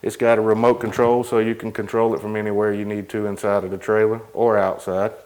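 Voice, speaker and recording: A man's voice: on the low side, flat delivery, fairly quick, a little mellow. A man walking viewers around and inside a cargo trailer, listing its features in an easygoing, matter-of-fact way. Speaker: trailer salesman giving a product walkthrough. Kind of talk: casual product tour.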